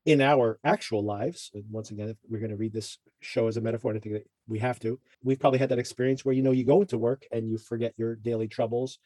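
Mellow husky guy rambling through a tv recap, dry sound. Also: mid-range voice, steady tone, fast talker, hardly any pauses, no room sound. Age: adult parent. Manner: chatty, rambling with fillers and asides. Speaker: podcast host. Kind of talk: casual TV recap chat.

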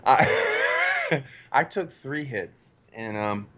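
A man chatting casually with an old friend and throwing in teasing jokes. His voice swings lively up and down as he talks. The recording sounds dull and lo-fi. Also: mid-range voice, takes it slowly. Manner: joking, teasing interjections. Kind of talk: casual chat.

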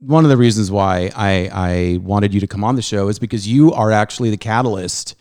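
A man's voice: fairly low pitch, fairly quick, darkish tone, dry recording, studio quality. A middle-aged man hosting his music show, chatting eagerly with an old friend and rambling with many restarts and fillers. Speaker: podcast host. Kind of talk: casual chat.

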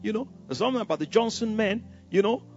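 An emphatic male pastor preaches with a high, husky voice that swings widely in pitch. He laughs often. The recording is dull and lo-fi, with faint music behind him. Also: animated, fast talker, darkish tone. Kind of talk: sermon.

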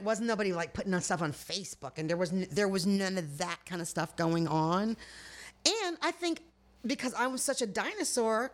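A middle-aged American woman telling a story in casual chat, animated and profane, acting out the voices of people she quotes. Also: medium pitch.

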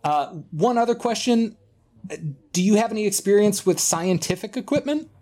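A man's voice: sits high, animated, normal speed, warm tone, voice pushed up. A man voicing an impatient female starship captain in a tabletop game, dry and businesslike.

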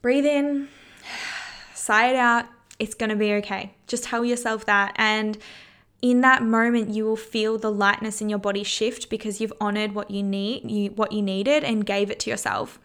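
A woman's voice: medium pitch, level tone, normal speed, a bit bright, clean tone. A woman hosting a self-help podcast, talking earnestly in a casual coaching tone and swearing freely. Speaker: podcast host.

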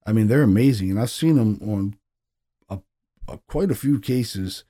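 A man's voice: fairly low pitch, normal speed, warm tone, breathy edge. A middle-aged man casually recounting a paranormal investigation in a rambling, laid-back way, with the odd profane aside. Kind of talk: casual storytelling monologue.

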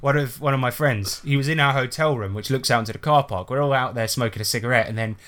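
A man's voice: medium pitch, quick pace, fairly bright tone. A man hosting a podcast in casual chat. He rambles, restarts his sentences and swears freely. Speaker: podcast host.

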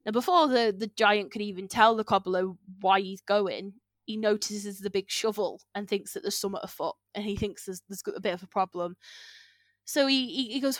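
A woman's voice: medium pitch, moderate pace, no room sound, clean studio sound. Chatty woman telling a folk tale. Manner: chatty, giggly, with fillers and self-corrections. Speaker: storyteller guest. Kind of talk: casual oral storytelling.

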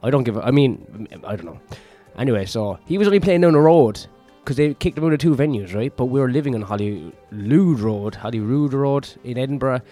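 A man's voice: medium pitch, expressive, brisk, hardly any pauses, dark tone, faint music behind. A man vlogging in a rambling, profane monologue, ranting with lots of fillers and sounding sweaty and worn out.

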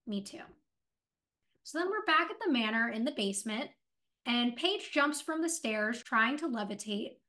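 A woman with a fairly high voice co-hosts a casual podcast. She retells a TV scene line by line in lively paraphrase, slipping into "he's like, she's like" as she goes. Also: moderate pace. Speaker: podcast co-host. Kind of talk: casual TV episode recap chat.

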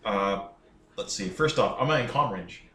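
A man's voice: lowish voice, expressive, normal speed, bright, forceful tone. A man playing a tabletop game, talking in a laid-back, joking way. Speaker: player. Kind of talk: casual tabletop chat. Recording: echoey room, off-mic.

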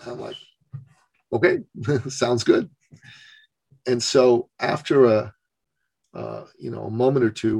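A man's voice: medium pitch, rough recording. A man, a business coach, telling a personal story as a podcast guest. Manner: gravelly, animated storyteller. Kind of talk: storytelling in an interview.

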